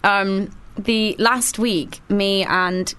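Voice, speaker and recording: A woman's voice: medium pitch, steady tone, very slow, fairly bright tone, smooth, faint music behind. A woman hosting a radio show, chatting casually and giggling, with lots of fillers. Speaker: radio host. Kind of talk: casual chat. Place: radio studio.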